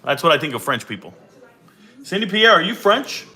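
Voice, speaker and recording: A man's voice: very animated, fairly quick, bright, forceful tone, slightly rough. A man hosting a casual livestream, brash and joking, talking through his betting picks and teasing chat. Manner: brash, joking, jumps into high teasing voices. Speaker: sports betting streamer. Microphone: desk mic.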